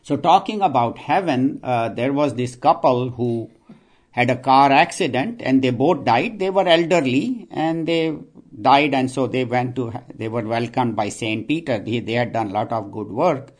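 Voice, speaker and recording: A spiritual teacher with a medium-pitched voice gives a scripture talk laced with jokes, telling stories at a moderate pace while chuckling and frequently restarting his sentences.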